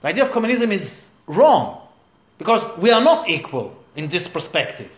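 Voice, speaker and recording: Animated high-voiced rabbi in echoey room. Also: male voice, moderate pace. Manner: animated, emphatic, rhetorical questions. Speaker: rabbi teaching a class. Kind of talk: Torah class lecture.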